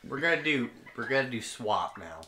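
A young man hosting a casual gaming session, trash-talking and breaking into loud, cursing outbursts. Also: mid-range voice, very animated, normal speed, slight background noise, poor audio. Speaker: gaming podcast host. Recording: music playing behind.

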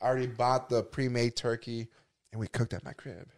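A man's voice: medium pitch, flat delivery, brisk, a little mellow. A man co-hosting a podcast, jumping into the chat with defensive, joking interjections. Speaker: podcast co-host. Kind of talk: casual chat.

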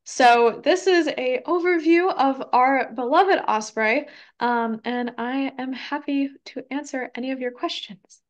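Higher-pitched woman giving a casual talk. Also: unhurried. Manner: frequent ums, hedging, conversational. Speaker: environmental educator giving a talk. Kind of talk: casual presentation with Q&A.

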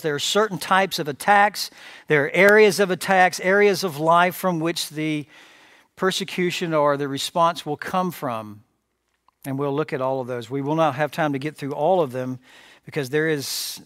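A man's voice: a little high, a bit bright, no room sound. Emphatic male preacher, dry sound. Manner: emphatic, repeats phrases, rhetorical questions. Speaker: pastor. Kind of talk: sermon. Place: church sanctuary.

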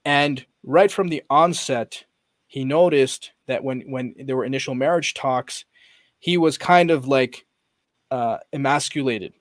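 A man's voice: medium pitch, measured pace, no echo. A man on a podcast as guest coach, animatedly retelling a story and quoting the people in it, with many fillers and restarts. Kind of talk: conversational storytelling.

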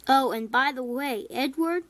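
A stout railway boss barks orders and scolds his engines in a homemade toy train story, as a woman puts on his voice. The voice sits fairly high and moves at an unhurried pace. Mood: bossy. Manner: commanding, scolding. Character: stout bossy railway controller, man.

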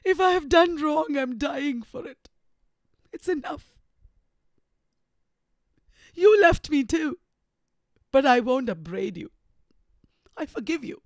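Indian english woman doing a dying young woman, pleading, slow, dry close sound. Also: sits high, animated, dry recording, voice pushed up, heavily acted. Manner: emotional dramatic reading.

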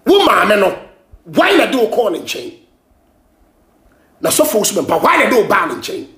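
A Ghanaian man hosting a gossip show, ranting and scolding in heated commentary, often shouting, switching between Twi and English. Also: high-pitched, big pitch swings, a little slow, echoey room.

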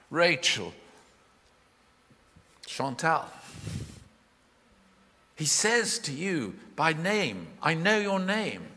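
Lively preacher with a bright voice. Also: male voice, fairly high pitch, breathy edge. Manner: expressive, questioning, voices the Bible figures in his retelling. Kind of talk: live sermon. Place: church, live. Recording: hall reverb from a live church.

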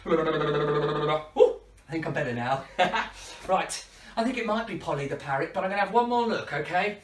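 A woman hosting a children's party show, playful and high-energy with lots of laughter. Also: lively intonation, moderate pace. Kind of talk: lively children's show patter. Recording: echoey room, distant mic, faint music.

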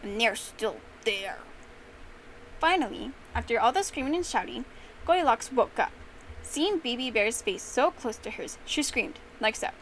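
A young woman telling a memorized story with expressive, animated narration. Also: high-pitched, moderate pace, a little hiss or hum, poor audio. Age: young adult.

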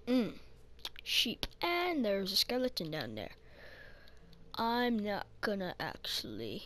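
A woman's voice: mid-range voice, wildly swooping pitch, fairly bright tone. A woman casually commenting while playing a game, muttering to herself and swearing often. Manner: slow, muttering, swears a lot. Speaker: gaming channel host. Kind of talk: casual let's-play commentary.

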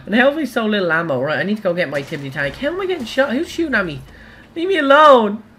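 An Irish woman livestreaming gameplay, giggling often and breaking into excited squeals and shouts. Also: medium pitch, racing, slight background noise. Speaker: gaming livestreamer. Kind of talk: live gameplay commentary.

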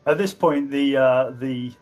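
A man narrating as game master of a tabletop game, halting and full of fillers. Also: medium pitch, a little mellow, low-quality recording.

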